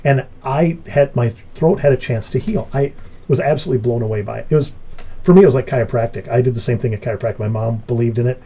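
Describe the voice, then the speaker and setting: A middle-aged man hosting a relaxed group chat, telling stories with lively jumps in pitch when he acts out what he said. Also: fast talker, husky. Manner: animated storyteller, voice jumps up when acting out his story. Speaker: podcast host. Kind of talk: casual chat.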